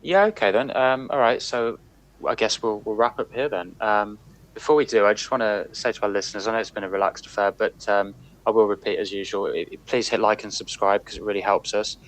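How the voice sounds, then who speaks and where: A man's voice: lowish voice, steady tone, brisk, rough recording. A man hosting a live-streamed podcast, speaking casually and hesitantly with many fillers. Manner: hesitant, many ums and restarts. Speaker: podcast host.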